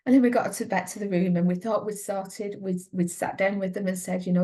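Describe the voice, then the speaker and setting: Middle-aged mum telling her story, earnest and halting, gravelly dark voice. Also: mid-range voice, steady tone. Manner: earnest, halting, with many restarts. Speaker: mother of a patient, interview guest. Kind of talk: emotional personal account in an interview.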